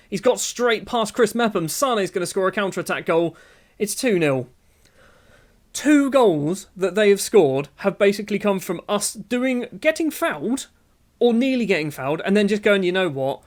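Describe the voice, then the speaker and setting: A man with a high voice talks through a football management game in a casual, running commentary. He is often exasperated and sarcastic, scolding his virtual players as he goes. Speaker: gaming YouTuber.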